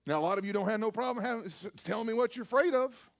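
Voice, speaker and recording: A man preaches a sermon to a live congregation. His voice sits very high, and he delivers his points emphatically, calling on the congregation to answer back. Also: racing, creaky. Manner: emphatic, call-and-response preaching. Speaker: pastor. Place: church service.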